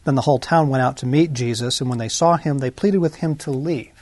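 A male pastor giving a sermon in a conversational way, full of asides and tag questions, slowing down for emphasis and then speeding up. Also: mid-range voice, darkish tone, no room sound. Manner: shifts between slow emphasis and quick runs.

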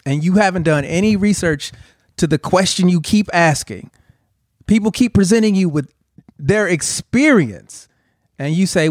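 A man's voice: high-pitched, lively intonation, normal speed, dry recording, clean studio sound. A man co-hosting a podcast, ranting emphatically in casual chat and swearing freely. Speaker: podcast co-host.

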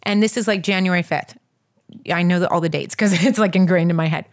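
A woman telling a personal story in a casual, animated way, talking straight to her listeners and skipping details with quick filler. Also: lowish voice. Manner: animated, addresses listeners as "you guys"; fills gaps with "da, da, da".

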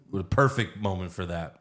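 Animated man recapping a movie. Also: mid-range voice, unhurried. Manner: animated, laughing storyteller. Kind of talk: casual movie recap chat.

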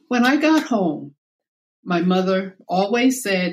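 An older woman from the American South, a guest in an interview, telling a personal childhood story slowly and reflectively. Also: medium pitch, expressive. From South Carolina, US. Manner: slow, reflective storytelling with quoted voices.

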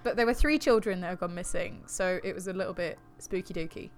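A woman's voice: lowish voice, quick pace, faint music behind. A woman co-hosting a podcast, telling a creepy story in a jokey, giggly way and swearing casually. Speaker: podcast co-host.

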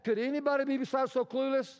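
High-voiced pastor in an echoing sanctuary. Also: male voice, little pitch movement, quick pace, clear, resonant tone. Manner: conversational, dramatic storytelling with rhetorical questions. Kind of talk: sermon. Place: church sanctuary. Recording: reverberant hall, dull lo-fi sound.

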